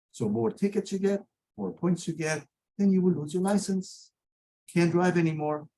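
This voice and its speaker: A man's voice: fairly high pitch, darkish tone, slightly rough, poor audio. A middle-aged man who is a lawyer gives an earnest warning talk to teenagers in non-native English phrasing.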